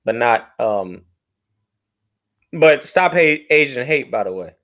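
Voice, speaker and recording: Here a man of medium pitch talks slowly while co-hosting a podcast. The banter is casual, and he stays animated, joking and laughing readily.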